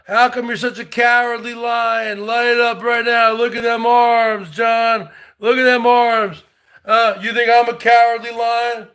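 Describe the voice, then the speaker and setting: A man doing a comic impression of a brash loudmouth who taunts a rival over and over in shouty bursts. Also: extremely high pitch, heavily acted. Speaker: parody comedian. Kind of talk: comedic impression rant.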